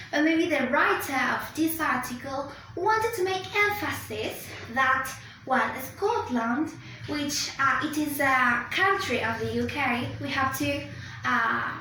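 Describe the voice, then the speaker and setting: Hesitant young woman explaining slowly, echoey room. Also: sits high, sharp tone, slight background noise. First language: Spanish. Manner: hesitant, many fillers, explaining step by step. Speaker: student presenter. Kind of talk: recorded class presentation. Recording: echoey room, distant mic.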